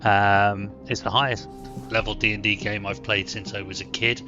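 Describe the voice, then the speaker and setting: A man's voice: fairly low pitch, level tone, moderate pace, muffled recording, over music. A man with an Irish accent, co-hosting a podcast in a casual, chatty, self-deprecating way. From Ireland. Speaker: podcast co-host. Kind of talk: casual chat.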